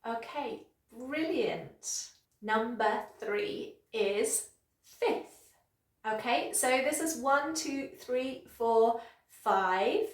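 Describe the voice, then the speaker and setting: A woman English teacher giving a pronunciation lesson, modelling words slowly and clearly and praising the learner. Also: a little high, expressive, echoey room. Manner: slow, exaggerated modelling of words with encouraging praise.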